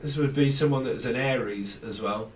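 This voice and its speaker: A man's voice: medium pitch, moderate pace. A man talks loosely through a tarot reading, jumping from one name to the next and breaking into laughs. His voice sits mid-range and sounds roomy, caught from a mic set well back. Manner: rambling, free-associating, laughs often. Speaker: tarot reader. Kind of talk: casual tarot channelling. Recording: echoey room, mic at a distance.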